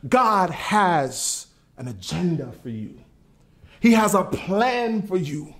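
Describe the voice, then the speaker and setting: A man preaching a sermon in a conversational way, asking his listeners questions and telling them to write things down. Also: high-pitched. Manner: animated, conversational, asks the audience questions. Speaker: pastor.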